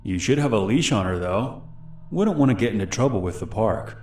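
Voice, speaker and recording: Man voicing a soft-spoken creepy young stranger. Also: on the low side, lively intonation, a little fast, roomy sound, natural voice. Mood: falsely friendly.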